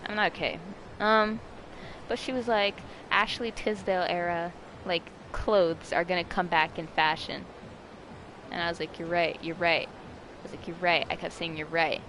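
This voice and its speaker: A vlogger telling a story in a casual, rambling and dramatic way, mocking themselves and breaking into sudden high-pitched shrieks. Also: fairly even intonation, normal speed, bright, forceful tone, slight background noise, rough recording.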